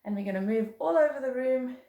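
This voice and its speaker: Woman, violin teacher, upbeat and encouraging, slightly high pitch, echoey room. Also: quick pace, warm tone. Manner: patient, encouraging, counts and chants rhythms aloud. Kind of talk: beginner music lesson. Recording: roomy echo.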